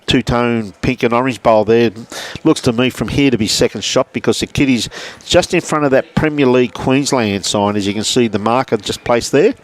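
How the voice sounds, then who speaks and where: An Australian man calls a lawn bowls match from indoors behind a window. His talk is chatty and matey, and he keeps breaking off to greet viewers by name. His voice sits at an ordinary middle pitch. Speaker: lawn bowls livestream commentator. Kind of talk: live sports commentary with viewer shout-outs. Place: indoors behind a glass window beside the green.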